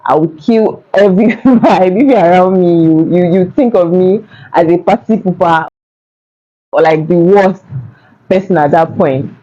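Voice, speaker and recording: A young woman with a Nigerian accent telling a casual storytime to camera, chatty and animated. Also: lowish voice, unhurried, dull audio. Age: young adult. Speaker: vlogger. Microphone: phone.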